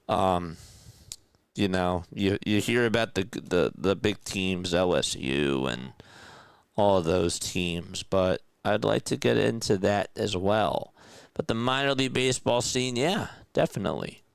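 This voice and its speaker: A young man streaming casual radio-style play-by-play, chatting with viewers in a relaxed way between calls. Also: on the low side, a little slow, gravelly, smooth, no echo.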